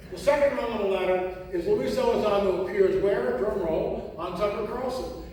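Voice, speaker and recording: A man giving a talk to a live audience, animated and full of rhetorical questions. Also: sits high, slight background noise. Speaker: conference speaker. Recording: echoey hall recording from far off.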